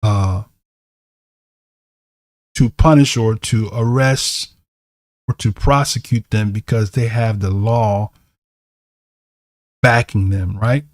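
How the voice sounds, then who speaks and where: A man's voice: lowish voice, fairly even intonation, slow pace, pauses often, a little mellow, no echo, clean studio sound. A man teaching a bible lesson, reading verses aloud and explaining them, often asking "right?" to check in with listeners.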